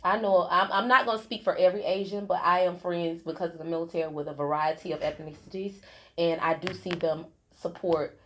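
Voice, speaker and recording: A woman's voice: fairly low pitch, steady tone, fairly quick, fairly bright tone. A woman hosting a casual podcast chat, laughing easily and talking her points through aloud. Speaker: podcast host.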